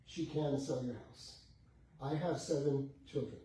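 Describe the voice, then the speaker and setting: A middle-aged man coaches a class on real estate, telling a story with the parts of each speaker acted out. His voice is mellow and a little dark. He sounds far from the mic in a very echoey room. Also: medium pitch, steady tone, a little slow. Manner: acts out both sides of a sales conversation, laughing often. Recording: echoey room with faint background noise, heard from a distance.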